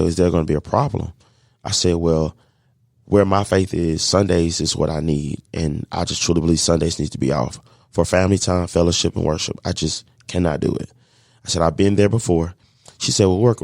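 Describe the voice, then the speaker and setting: A man with a deep, gravelly voice tells his story with animated energy, slipping into the voices of the people he met along the way. The sound is dry and close, with no room around it. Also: dry recording. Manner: animated storyteller acting out dialogue, faith-filled. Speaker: guest, catering business owner. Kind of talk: storytelling in a podcast interview.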